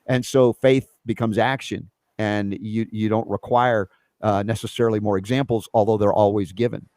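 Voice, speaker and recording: A man hosts a casual spiritual conversation at normal speed, sounding earnest and reflective. Now and then his pitch jumps up as he gets animated. There's no echo on the recording.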